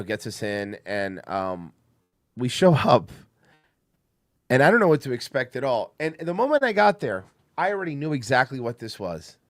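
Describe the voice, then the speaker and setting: Man, casual storytelling, rambling, lively pitch, dry close sound. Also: no echo. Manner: rambling, restarts a lot. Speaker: podcast co-host.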